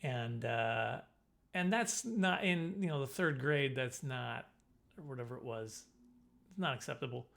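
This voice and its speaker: A middle-aged man telling a self-mocking comic story to camera in a casual, animated way. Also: measured pace, vocal fry. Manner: animated, self-mocking, jumps into high squeaky voices for his younger self. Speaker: comedian storyteller.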